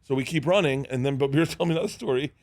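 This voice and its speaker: A man's voice: medium pitch, very fast, dry recording. A man telling comic stories as a studio guest, laughing often and acting out the other people in them. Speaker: comedian guest. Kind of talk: animated storytelling. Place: radio studio.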